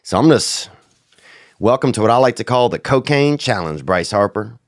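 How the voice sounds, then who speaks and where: A man's voice: mid-range voice, animated, moderate pace, no room sound, clean studio sound. A sick, sniffling man hosting a podcast, riffing in a crude, slangy, rambling comic monologue. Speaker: podcast host.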